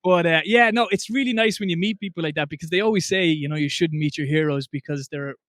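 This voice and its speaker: An Irish man hosts a casual podcast chat. He tells his stories at a rapid clip with self-deprecating humor. His voice sits a touch high and sounds dry and close to the mic. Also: no echo. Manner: fast, animated storyteller, self-deprecating. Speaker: podcast host.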